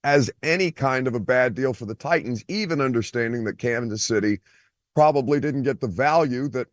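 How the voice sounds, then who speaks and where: A man's voice: medium pitch, brisk, dry recording. A man hosting a sports radio show, calling in over a video call from a beach on vacation, teasing and mock-indignant. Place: outdoors by a beach.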